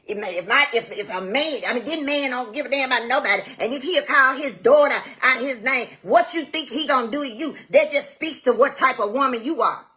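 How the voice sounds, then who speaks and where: A woman with a somewhat high voice speaks straight to camera, blunt and indignant. She tells her side of a dispute emphatically, leaning on repeated "I said" retellings. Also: a little fast, few pauses, bright, forceful tone. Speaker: widow telling her side of a family dispute. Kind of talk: direct-to-camera talk.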